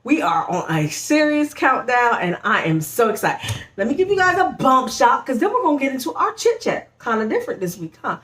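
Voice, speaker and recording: A woman's voice: on the high side, sing-song, a little fast, fairly bright tone, reverberant. A young woman vlogger chatting casually at home about her pregnancy, bubbly and talkative, laughing often and saying y'all. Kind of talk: casual pregnancy vlog chat.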